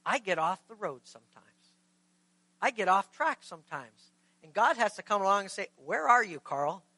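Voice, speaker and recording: A man's voice: high voice, lively intonation, moderate pace, bright, forceful tone, no room sound, rough recording. A man preaching a sermon, earnest, now and then acting out short quoted exchanges. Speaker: pastor.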